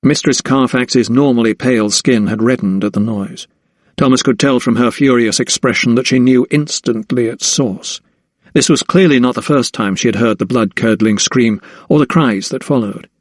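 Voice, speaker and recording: A man's voice: mid-range voice, normal speed, no room sound, clean studio sound. Man reading a historical mystery audiobook. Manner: steady, even storytelling. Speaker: audiobook narrator. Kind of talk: scripted narration.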